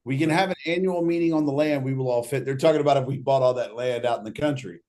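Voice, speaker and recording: A man hosts a casual livestream Q&A. He reads viewer questions aloud and jokes loosely between them. His voice sits at an ordinary pitch. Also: fast, a little mellow. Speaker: host reading audience questions.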